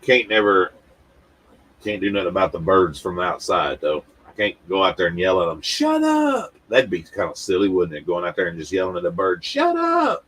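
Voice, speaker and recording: A man with a drawl hosts a casual livestream in a lowish, husky voice. He rambles along and talks straight to his viewers, stumbling over his words and repeating them as he goes. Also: steady tone, a little fast, fairly bright tone. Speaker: livestream host.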